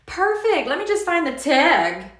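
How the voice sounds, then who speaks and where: A woman playing a soft-spoken, earnest young female new store employee. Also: high voice, big pitch swings, a little slow, echoey room, pitched above the performer's own voice, exaggerated voice. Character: sweet awkward young female new hire.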